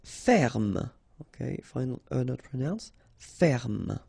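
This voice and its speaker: A native French-speaking man with a French accent, a teacher running a pronunciation drill who slowly and patiently repeats and spells out each word. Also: medium pitch, lively intonation, vocal fry, a little mellow, husky, no echo. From France.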